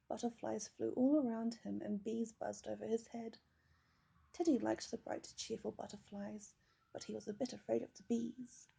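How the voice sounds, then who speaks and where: A woman reads a children's picture book aloud in a gentle, measured way. Her voice sits a bit high but sounds mellow and husky, with a gravelly edge. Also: steady tone. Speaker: storybook reader.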